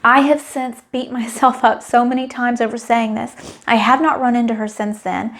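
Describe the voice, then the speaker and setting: A middle-aged woman talking to camera in a candid, wry and emotionally open personal monologue. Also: fairly high pitch. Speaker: vlogger.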